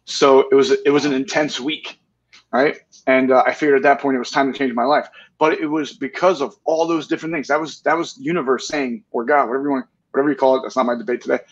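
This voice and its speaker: A man's voice: mid-range voice, steady tone, fast, slightly rough, lo-fi sound. A man in his forties as an interview guest, speaking earnestly in candid talk and often tagging his points with "right?". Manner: earnest, tag questions with "right?".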